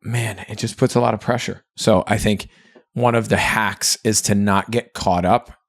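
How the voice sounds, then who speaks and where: A podcast co-host with a fairly low voice and fairly even intonation speaks at normal speed in a candid conversation, sounding earnest, reflective and chatty, with lots of fillers. The recording is clean studio sound with no room sound.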